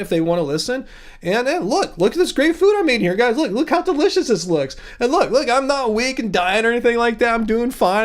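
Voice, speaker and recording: A middle-aged man hosting a casual livestream, reading out viewer comments and answering them in a joking, teasing way. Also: high-pitched. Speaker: livestream host.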